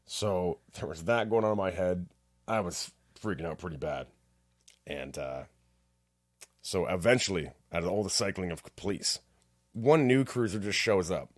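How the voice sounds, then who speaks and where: A man's voice: sits low, expressive, moderate pace, pauses often, no room sound, clean studio sound. A man co-hosting a podcast, telling a story in casual chat and swearing freely. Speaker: podcast co-host.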